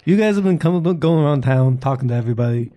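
Man, tabletop player, mellow warm tone, earnest, rambling. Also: medium pitch, animated, rapid-fire. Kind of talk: casual tabletop role-play.

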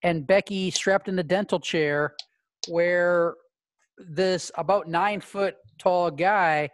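A woman running a tabletop game as game master, narrating in a casual, halting way. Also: on the low side, fairly even intonation, no room sound.

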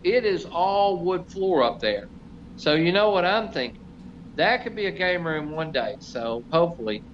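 Middle-aged man, rambling self-deprecating storyteller, fairly high voice, dull lo-fi sound with faint hiss. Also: big pitch swings, normal speed. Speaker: show regular. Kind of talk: casual chat. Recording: slightly dull, faint noise.

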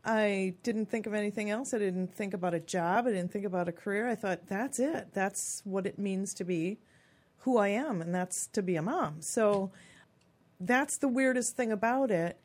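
Woman, 50s, radio guest, chatty and expressive storyteller. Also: mid-range voice, moderate pace. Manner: chatty and expressive, acts out quotes in lively voices. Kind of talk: personal storytelling on a radio talk show.

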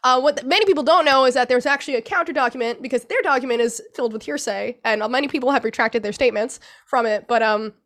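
A young woman recounting a painful personal ordeal as an interview guest, emotional and halting, with many restarts and some swearing. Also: high voice, a bit bright. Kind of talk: personal account in a podcast interview.

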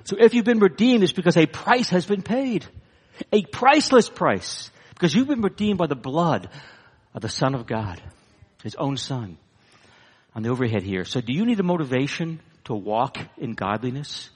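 A man preaching with a lively voice that leaps high for emphasis and sinks low for solemn points. His voice is slightly higher than most men's and rings out with a long reverb across a large hall. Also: normal speed, breathy edge. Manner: emphatic, rising to high bursts then dropping low for weight. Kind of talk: sermon.

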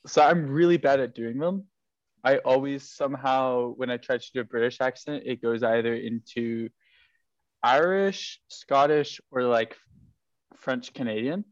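A man's voice: mid-range voice, measured pace, no room sound. A man guesting on a casual podcast, rambling and self-deprecating, with lots of restarts. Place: home room set up for podcasting. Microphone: headphones with a mic. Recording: slightly dull dry sound.

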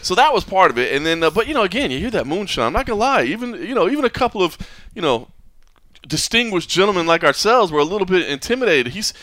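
A man hosting a podcast in casual chat, lively and rambling, with plenty of fillers and restarts. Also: high-pitched, fast, no echo. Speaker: podcast host. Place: hotel or venue room.

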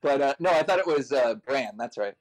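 A man's voice: medium pitch, animated, fairly quick. A man in casual podcast chat, talking candidly, swearing and laughing as he goes.

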